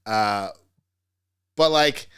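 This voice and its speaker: A man's voice: fairly low pitch, very slow, a bit bright, smooth. A man hosting a casual commentary vlog, ranting in a profane, rambling, slangy way. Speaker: host.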